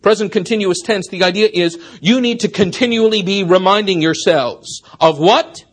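A pastor with a high voice preaches an expository sermon at a moderate pace. He is earnest, climbing to emphatic peaks before dropping soft again.

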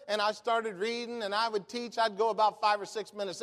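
A folksy pastor preaching a sermon, his voice pitched high for a man. He tells stories in an animated, down-home way. A long reverb from a large hall hangs behind every word. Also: a little fast, few pauses. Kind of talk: storytelling sermon.

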